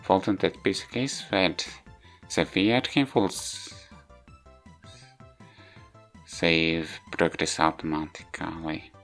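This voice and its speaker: A man narrating a video game review, halting often and restarting words as he goes. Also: sits low, fairly bright tone. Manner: halting, frequent restarts and self-corrections. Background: faint background music.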